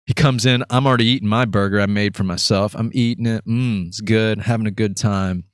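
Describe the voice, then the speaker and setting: A man's voice: a little fast, clear, resonant tone, no room sound. Casual male storyteller, dry close sound, giggly, rambling anecdote. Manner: laughs through the story, voice climbs high with excitement; rambling, filler-heavy.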